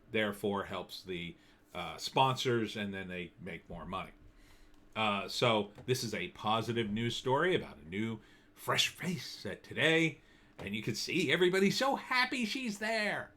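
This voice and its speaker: Forceful, low-voiced opinionated male commentator. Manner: opinionated, sardonic, loose and conversational. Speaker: political commentator.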